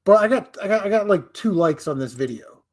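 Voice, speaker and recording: A man's voice: sits high, expressive, brisk. A man hosting a casual live stream, rambling, swearing and making fun of himself. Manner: rambling, profane, self-deprecating. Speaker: livestream host.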